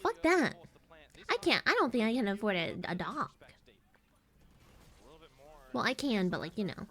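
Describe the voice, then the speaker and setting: A woman's voice: mid-range voice, very animated, moderate pace, bright, forceful tone. A woman in her twenties, a streamer chatting casually and rambling through a story while acting out her family's lines. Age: 20s. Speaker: VTuber streamer.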